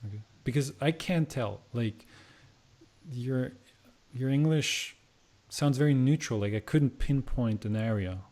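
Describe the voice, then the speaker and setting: A man's voice: medium pitch, a little slow, a little mellow. A man hosting a casual interview, asking curious follow-up questions. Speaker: interview host.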